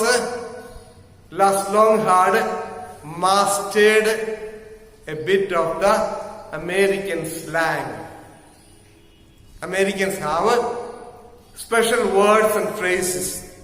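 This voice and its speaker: Slow, high-voiced male teacher in a booming hall. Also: bright, forceful tone. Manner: slow, deliberate, repeats key phrases; spells words out letter by letter. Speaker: English literature teacher. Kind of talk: classroom lesson explaining a story. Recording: heavy echo with long hall reverb.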